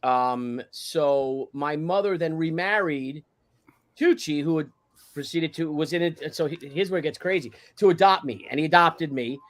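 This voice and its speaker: A man's voice: a little high, moderate pace. A man hosting a casual live stream over a video call, rambling through candid personal stories. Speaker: show host.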